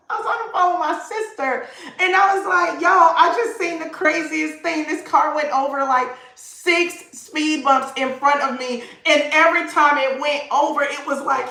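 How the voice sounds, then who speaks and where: A high-pitched woman gives a livestream tarot reading in an animated, sassy way, often laughing. Her voice is bright and sharp. The recording has an echoey room sound. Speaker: tarot reader.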